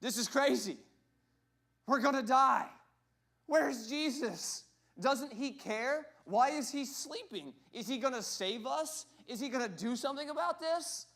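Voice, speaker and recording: A man voicing panicked disciples in a storm-tossed boat, shouting frantic questions in a church sanctuary. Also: extremely high pitch, animated, a little slow, voice pushed up, full character voice.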